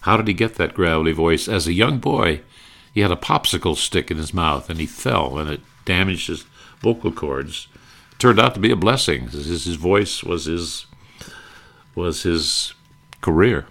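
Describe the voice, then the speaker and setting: An older man with a very low, gravelly voice reminisces about old radio shows. He wanders fondly from one memory to the next, with the odd pause and filler. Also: animated, a bit bright. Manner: fond, rambling, breaks into quoted catchphrases. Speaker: radio nostalgia speaker. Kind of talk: reminiscing talk with brief impressions.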